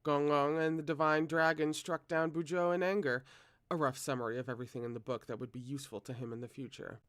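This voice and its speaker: Guy reading a book aloud, steady, kinda high voice, fixes his slips. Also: quick pace. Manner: steady, occasional self-corrections. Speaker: reader.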